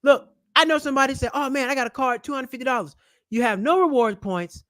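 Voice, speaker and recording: A man's voice: very high-pitched, fast talker, a bit bright, dry recording. A man giving casual money advice to his viewers, blunt and repetitive, swearing now and then. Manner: blunt, swears, repeats points for emphasis. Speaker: personal finance YouTuber. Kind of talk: casual direct-to-camera advice.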